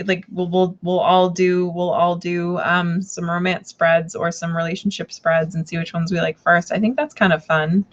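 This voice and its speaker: A woman hosting a casual live tarot stream, rambling and chatty with lots of fillers and restarts. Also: fairly low pitch. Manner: rambling, chatty, full of fillers and self-corrections. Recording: dull lo-fi stream audio.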